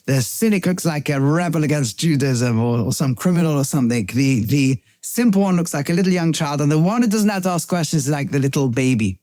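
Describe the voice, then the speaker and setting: A rabbi lecturing with lively emphasis, his man's voice sitting a touch high. He poses rhetorical questions and translates Hebrew phrases into English. The sound is close and dry, with no room echo. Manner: reads out Hebrew and Aramaic phrases, then translates them. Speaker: rabbi teaching a series. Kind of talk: explanatory lecture.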